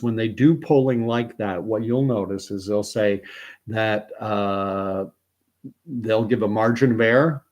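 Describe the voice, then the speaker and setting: A man's voice: on the low side, a little mellow. A man in his fifties, from Canada, hosting a casual live stream of news commentary, rambling with many fillers and chuckles. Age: 50s.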